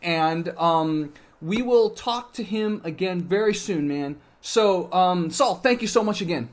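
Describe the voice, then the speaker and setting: An upbeat man hosts a casual interview in a fairly high voice. He talks with enthusiasm, leaning on "like" and "um" and often restarting his sentences. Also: lively intonation, unhurried. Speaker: podcast host, interviewer.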